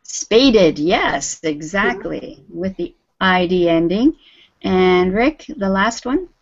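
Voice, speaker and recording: A woman's voice: lowish voice, expressive, takes it slowly. A woman teaching an online English group lesson, patient and encouraging, calling on students by name. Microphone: video call audio. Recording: dull lo-fi video call audio.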